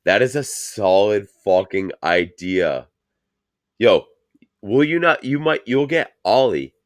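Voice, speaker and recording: A man's voice: on the low side, animated, slow pace, no room sound. A man hosting a casual talk show, rambling and swearing a lot, with plenty of fillers. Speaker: show host. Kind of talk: casual profane chat.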